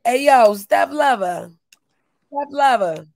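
A woman's voice: a little high, animated, takes it slowly, vocal fry, slight background noise. Fired-up woman ranting on a livestream. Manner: loud, profane, laughing rant, greets chat by name. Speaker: livestream host. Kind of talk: profane livestream rant.

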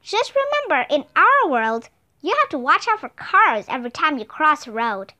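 A woman reading aloud and voicing an eager, excited young girl in a storybook, with a bubbly, exclaiming manner. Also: high voice, normal speed, exaggerated voice.

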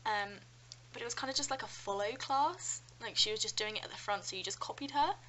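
A nineteen-year-old vlogger from London, England, with a British English accent chats casually, telling animated stories full of "like" and "um". Her voice is on the high side and a little fast, and the poor audio has slight background noise.

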